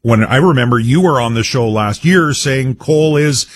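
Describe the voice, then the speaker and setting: A radio host questions his guest in a pointed, probing way. His husky voice sits at a middle pitch, and the studio sound is close and dry. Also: moderate pace, no echo. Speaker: radio talk show host.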